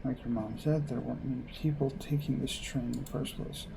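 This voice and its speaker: A man reading a visual novel aloud and adding wry, deadpan asides. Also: mid-range voice, brisk, gravelly, noisy background. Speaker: gamer playing a visual novel.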